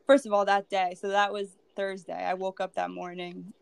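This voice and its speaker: Candid woman with a flat voice. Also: medium pitch, normal speed, gravelly, a little hiss or hum. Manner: candid and emotional, heavy with "like" and "um" fillers. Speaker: podcast guest. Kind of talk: personal storytelling.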